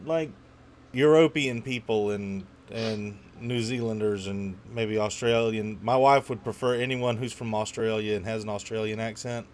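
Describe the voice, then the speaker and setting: A man's voice: fairly low pitch, steady tone, normal speed. A man hosting a casual gaming podcast, bantering and joking loosely with his guests. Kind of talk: casual chat.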